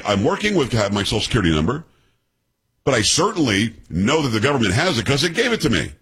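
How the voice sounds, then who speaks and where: A man's voice: mid-range voice, fairly bright tone, husky. A man in his sixties hosting a political talk radio show, blunt and sarcastic, quizzing his co-hosts and ranting at the news.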